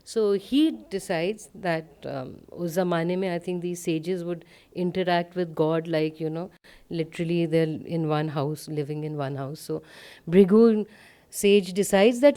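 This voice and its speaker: A woman's voice: lowish voice, a little slow, dark tone. A woman giving a spiritual talk, telling a story in a conversational way with frequent fillers. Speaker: satsang speaker.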